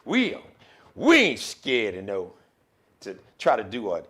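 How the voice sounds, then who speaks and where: A man hosting a live daily show, giving an animated, preachy monologue that swings between loud outbursts and hushed warnings. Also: lowish voice, slow pace.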